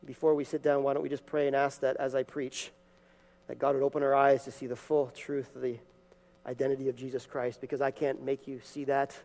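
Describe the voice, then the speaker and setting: A man's voice: medium pitch, level tone, fairly quick, darkish tone, long reverb tail. A man preaching a sermon in a church, reading scripture, praying and teaching with emphatic repeated phrases. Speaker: pastor. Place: church sanctuary.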